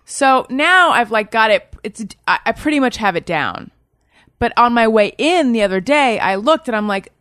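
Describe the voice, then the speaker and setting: A woman's voice: a little high, lively intonation, normal speed, fairly bright tone, no echo, clean studio sound. A woman in her thirties, a podcast host, chatting casually in a rambling, self-deprecating way, often restarting and rephrasing while telling a story about her own anxiety. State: anxious. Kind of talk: casual chat.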